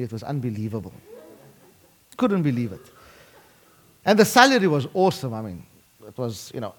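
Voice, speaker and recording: A man preaching a sermon, emphatic and slowing down dramatically to drive points home. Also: mid-range voice. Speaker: pastor.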